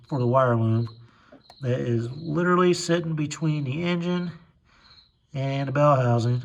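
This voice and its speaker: Casual, cussing man in his garage. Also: medium pitch. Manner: casual, profane, sarcastic. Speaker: DIY mechanic vlogger. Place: home garage.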